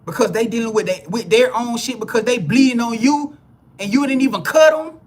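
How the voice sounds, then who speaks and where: A man's voice: very high-pitched, a little fast. A man giving a live spiritual reading to viewers, blunt and preachy, swearing freely and repeating himself as he builds emphasis. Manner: repeats words and restarts phrases when heated. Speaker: spiritual reader.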